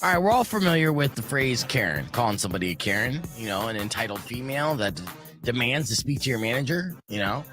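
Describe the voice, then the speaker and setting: Animated, lively-voiced male radio host. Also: mid-range voice, fast, music in the background. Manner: animated, jokey storytelling. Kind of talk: morning radio banter.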